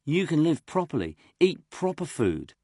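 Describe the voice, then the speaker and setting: A man's voice: on the high side, very animated, normal speed, a little mellow, dry recording, clean studio sound, voice pushed up. A man voicing a reasonable, persuasive teenage boy.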